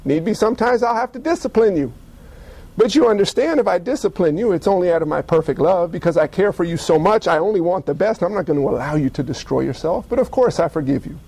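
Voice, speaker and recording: A man voicing God as a gentle father speaking to his son in a hushed, reassuring tone. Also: high voice, very animated, measured pace, long pauses, slightly rough, pitched below the performer's own voice, exaggerated voice. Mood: tender.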